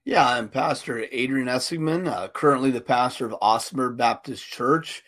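A man's voice: medium pitch, normal speed, a bit bright. A middle-aged man, a pastor co-hosting a podcast, talking casually and earnestly, with many fillers and restarts. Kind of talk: casual podcast Bible discussion.

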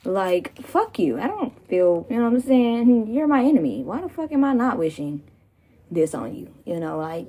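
A woman's voice: mid-range voice, expressive, fairly quick, warm tone. A woman hosting her own podcast, ranting casually and profanely with laughing asides, recovering from pneumonia. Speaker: podcast host. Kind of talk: casual solo rant.

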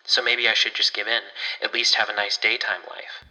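A man's voice: medium pitch, steady tone, a little fast, pushed and bright, rough recording. A man voicing an anxious young man who speaks tensely and urgently.

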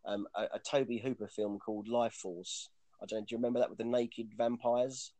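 A man's voice: medium pitch, steady tone, fairly quick, warm tone, dry recording. A man chatting casually about films, rambling with lots of restarts and fillers.

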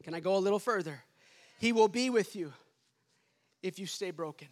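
A man preaching a sermon as pastor, building to shouts and dropping to hushed endings. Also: high voice, moderate pace.

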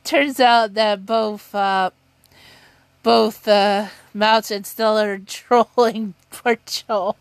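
A woman's voice: medium pitch, steady tone, drawn-out words, clean tone, dry recording. Giggly woman rambling through a show recap. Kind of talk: casual chat recapping a TV episode.

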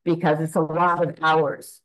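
A woman's voice: sits low, level tone, measured pace, rough recording. A woman in her eighties, earnest and reflective, speaking a prayer aloud to God and reflecting on it. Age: 80s. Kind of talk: spoken prayer and spiritual reflection.

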